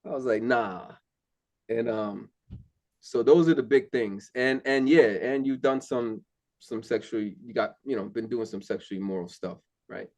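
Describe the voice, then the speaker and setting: A young man speaking candidly in a relaxed conversation. He tells his faith story plainly and earnestly, with plenty of ums and restarts. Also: mid-range voice, normal speed. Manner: candid, earnest, many fillers. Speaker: interview guest. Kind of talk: casual testimony.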